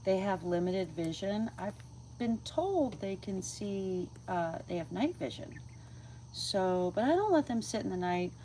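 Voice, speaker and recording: Her mid-range, warm voice is animated and measured as this vlogger livestreams herself feeding backyard chickens outdoors at night. She chats casually, coos to the hens and sometimes drops to a whisper. There is a little hiss or hum, plus crickets and insects.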